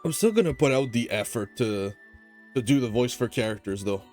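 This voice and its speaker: A man's voice: medium pitch, expressive, a little fast, darkish tone, soft background music. A tired man hosting a gaming channel, rambling in casual gameplay commentary with a sleepy, self-joking manner.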